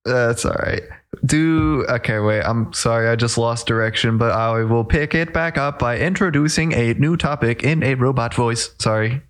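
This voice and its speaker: A man's voice: mid-range voice, normal speed. Playful man hosting a casual podcast. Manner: playful, laughs often, exclamations. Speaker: podcast host.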